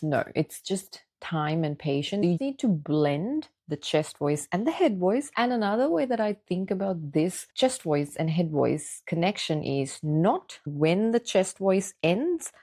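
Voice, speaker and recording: A woman's voice: deep voice, warm tone. A woman vocal coach giving a guided singing lesson, encouraging the listener and talking them through exercises step by step.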